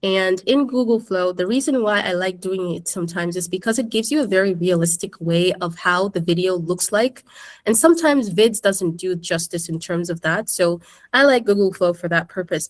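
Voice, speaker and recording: A woman teacher giving a casual screen-share tutorial in a classroom, chatting and checking in with her students. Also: on the low side. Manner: chatty, keeps addressing the class.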